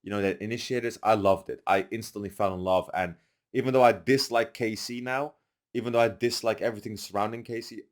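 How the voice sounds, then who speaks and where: A man's voice: lowish voice, fast talker. A young man on a podcast, telling stories casually and acting out what others said. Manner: animated storyteller, acts out quotes loudly. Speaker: podcast guest.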